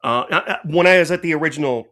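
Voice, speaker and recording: A middle-aged man co-hosting a podcast, telling stories in an animated way and laughing often. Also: on the high side, rapid-fire. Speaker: podcast co-host. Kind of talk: casual podcast chat.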